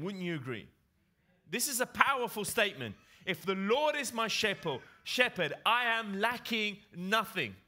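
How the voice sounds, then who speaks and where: A man's voice: high voice, sharp tone. A man preaching a sermon to his congregation, emphatic and repeating key phrases for effect.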